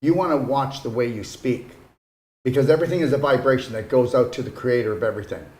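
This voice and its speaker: A man's voice: mid-range voice, fast talker, darkish tone. Earnest man in an echoey room. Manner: earnest, coaxing, with frequent "okay?" asides. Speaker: wellness retreat host. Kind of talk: casual motivational talk.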